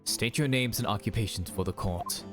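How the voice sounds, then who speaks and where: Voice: medium pitch, normal speed, music in the background, voice pushed down, lightly acted. A streamer voicing a stern older male judge from a game, speaking in a solemn, formal way. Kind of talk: reading game dialogue aloud in voices.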